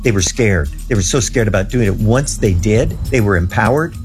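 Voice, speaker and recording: A man's voice: fairly low pitch, animated, normal speed, music in the background. A man as an interview guest, telling a story in an earnest, emphatic way. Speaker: guest recounting ministry travels.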